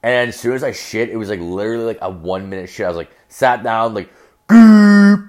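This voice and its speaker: A young man with a somewhat low voice tells a story in a loose, rambling monologue. He swears almost every line and fills his sentences with "like". The delivery is casual and podcast-style. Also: quick pace. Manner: profane, rambling, heavy use of filler "like". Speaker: podcast host.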